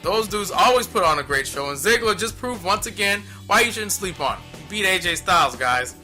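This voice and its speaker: A man with a high, very bright and cutting voice delivers a solo wrestling review. He rants bluntly with open exasperation and repeats his complaints for emphasis. Faint music plays under his talk. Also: expressive, fairly quick. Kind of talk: solo opinion commentary.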